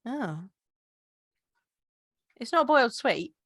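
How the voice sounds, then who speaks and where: A woman's voice: fairly high pitch, sing-song, slow pace, fairly bright tone, no echo, clean studio sound. A British woman co-hosting a podcast in casual chat, teasing and matter-of-fact. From United Kingdom. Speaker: podcast co-host.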